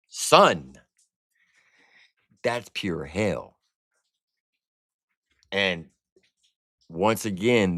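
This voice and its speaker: A deep-voiced man reviews an album live for his chat, unhurried and swooping up and down in pitch as he reacts. His talk is blunt, slangy and profane, and the sound is dry and close with no room around it. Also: lively intonation, no room sound. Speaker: music reviewer and streamer host. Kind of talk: casual livestream album review.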